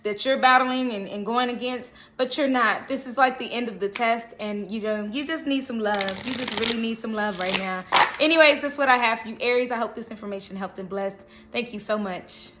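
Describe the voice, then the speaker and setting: A woman's voice: on the high side, fairly quick, noisy background. A woman giving a casual, reassuring tarot reading to camera, often checking in with "okay?". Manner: chatty, reassuring, frequent "okay?" check-ins. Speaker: tarot reader.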